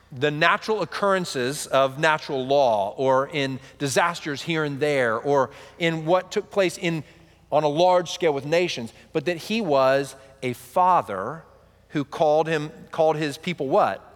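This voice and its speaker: A man's voice: fairly high pitch, in a large hall. A man in his thirties preaching a sermon, with a conversational delivery full of "right?" asides. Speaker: pastor.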